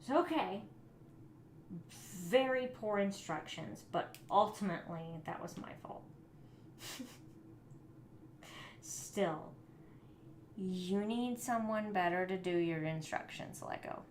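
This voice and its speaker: A woman's voice: mid-range voice, slow, pauses often, reverberant, slight background noise. A woman hosting a live building stream, chatting casually and muttering in frustration as she builds. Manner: frustrated, muttering and often soft-spoken while building.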